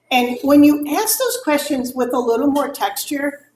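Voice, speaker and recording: The recording has a little hiss or hum, plus faint ambience in an echoey room. A middle-aged woman with a high voice and moderate pace talks candidly to a moms' group about grief, acting out what people said to her with animation.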